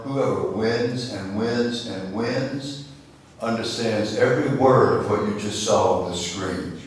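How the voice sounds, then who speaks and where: An older man giving a storytelling speech to a breakfast gathering, folksy, acting out the voices in his tales. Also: fairly low pitch. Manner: folksy, acts out dialogue in stories. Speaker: guest speaker. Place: chapel hall. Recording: echoey room from far off with faint noise.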